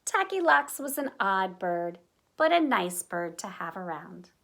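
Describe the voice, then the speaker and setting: A woman reading a children's picture book aloud in an expressive, animated way. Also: mid-range voice, a little slow, vocal fry. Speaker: storyteller. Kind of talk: children's story read-aloud.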